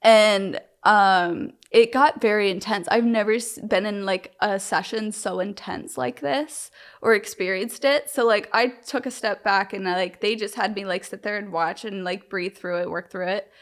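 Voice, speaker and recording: Speaking at normal speed with a steady, medium-pitched tone, a young woman tells her own story in an interview. Her account wanders, full of "like" and false starts, yet she stays frank and open about her feelings.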